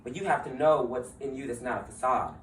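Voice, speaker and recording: A speaker in an impassioned, conversational speech, slangy and quick to laugh mid-sentence. The voice sits at a middle pitch and comes across roomy and a bit distant. A faint ambience hums behind. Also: slight background noise. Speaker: political speaker.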